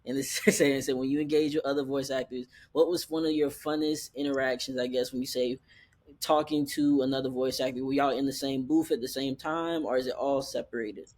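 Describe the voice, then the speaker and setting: Casual, halting male interviewer. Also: medium pitch, fairly even intonation, darkish tone. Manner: loose, halting, restarts questions.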